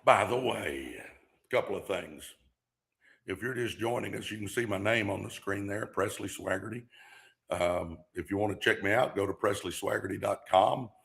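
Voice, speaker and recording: A man's voice: fairly low pitch, moderate pace, gravelly, a bit bright. A man hosting a livestream podcast, giving a fired-up motivational talk in a preacher-like way with repeated catchphrases. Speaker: podcast host.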